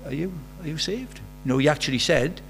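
A man's voice: fairly high pitch, lively intonation, a little fast. A man preaching a sermon in a conversational way, asking the congregation rhetorical questions. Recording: faint mains hum.

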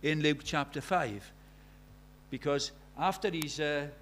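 Male preacher with a high voice, emphatic and questioning. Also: slow, a bit bright. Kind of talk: sermon.

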